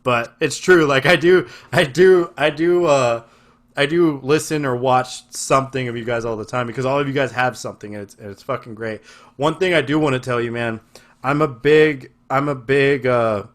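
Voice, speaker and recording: A podcast host from West Texas, talking casually and profanely with his guest over a video call. His voice sits at an ordinary middle pitch and is warmly effusive in its praise. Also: normal speed. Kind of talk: casual chat.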